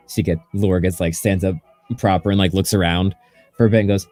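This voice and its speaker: A man acting as game master, narrating a tabletop game in a relaxed way full of fillers. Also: low-pitched, brisk, no echo, faint music behind.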